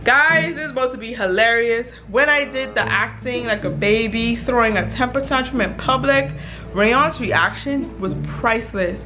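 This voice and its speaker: A woman's voice: fairly high pitch, moderate pace, over music. A young woman hosting her vlog, talking casually to the camera. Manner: loud put-on ratchet voice with her fiancé. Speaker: vlog host.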